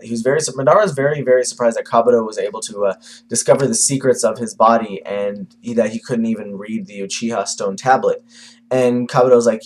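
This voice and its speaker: A man's voice: medium pitch, fast, a little mellow, breathy edge. A man giving a casual manga review to camera, rambling with lots of fillers and the odd swear.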